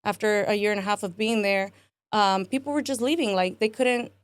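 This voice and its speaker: This interview guest, a woman in her twenties, walks through her life story briskly in a mid-range voice. Casual and animated, she acts out quotes and repeats "like" and "man" a lot, and there's no room sound at all.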